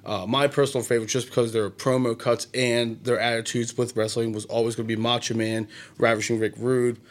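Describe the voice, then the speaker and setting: A man's voice: medium pitch, flat delivery, a little fast. A man on a radio show chatting enthusiastically about wrestling, rambling and restarting his sentences. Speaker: co-host, wrestling fan. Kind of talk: casual chat. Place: radio studio.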